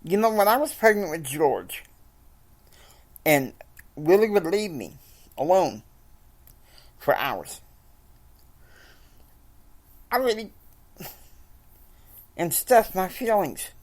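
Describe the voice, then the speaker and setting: Woman doing a fed-up pregnant wife, higher voice, pleading and scolding, slow and dragged out. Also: very animated, a little mellow, heavily acted. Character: exasperated pregnant young wife pleading with husband.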